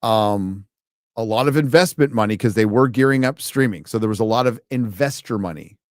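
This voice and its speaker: A man's voice: fairly low pitch, brisk, dry recording, studio quality. Profane, sarcastic male stream host. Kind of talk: ranting live stream commentary.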